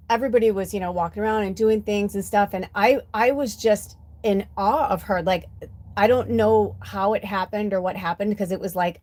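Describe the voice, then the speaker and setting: An American woman in her fifties, a spiritual medium and oracle card reader, hosts a livestream with a medium-pitched, darkish voice. Her storytelling is casual, chatty, heartfelt, and rambling.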